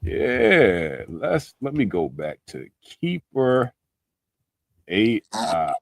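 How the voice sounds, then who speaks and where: Over a video call, a man hosting a podcast runs a playful dating quiz with friends, teasing them and using loose slang in casual group chat. His lowish, creaky voice swings hugely in pitch, and he speaks very slowly. The audio has no echo.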